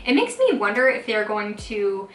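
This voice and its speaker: A woman's voice: medium pitch, big pitch swings, normal speed, roomy sound, distant mic, slight background noise, rough recording. A young woman casually recapping TV episodes, chatty and full of fillers as she retells scenes and quotes characters. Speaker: TV recap vlogger.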